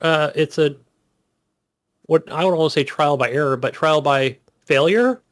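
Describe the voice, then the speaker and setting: A man's voice: fairly high pitch, normal speed. A man co-hosting a gaming podcast, chatting casually in a rambling, profane way. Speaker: podcast co-host.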